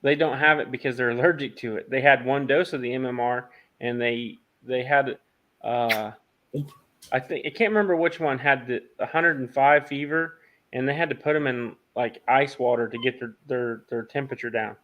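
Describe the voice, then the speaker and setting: A man hosting a casual livestream chat, talking in a halting way with lots of fillers and restarts. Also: mid-range voice, highs cut off. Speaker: host of a farm livestream.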